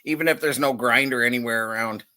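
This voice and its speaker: A man's voice: mid-range voice, fast talker, bright, forceful tone. A man chatting casually on a video call, rambling with lots of filler words and chuckling often. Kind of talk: casual chat.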